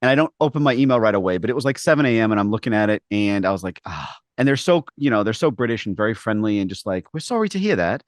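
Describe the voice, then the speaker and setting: Animated man co-hosting a podcast. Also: on the low side, racing, hardly any pauses, no room sound, clean studio sound. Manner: animated, acts out voices in his stories. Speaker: podcast co-host. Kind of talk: casual podcast chat.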